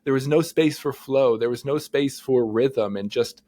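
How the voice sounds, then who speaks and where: A man, a therapist co-hosting a podcast, talking casually and telling earnest, animated stories. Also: medium pitch, normal speed, no echo, clean studio sound. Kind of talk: casual conversation.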